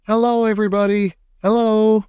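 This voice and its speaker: A man plays a bright, welcoming young boy from a storybook who chants rhyming verse. The voice is lifted above the reader's own. It sounds dry and close. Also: on the high side, expressive, measured pace, dry recording. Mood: cheerful. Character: cheerful young boy, friendly and eager.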